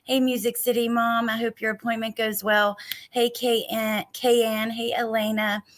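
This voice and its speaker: A woman's voice: on the high side, level tone, normal speed. A woman hosting a casual true crime livestream, talking a lot and greeting viewers by name, a little frustrated.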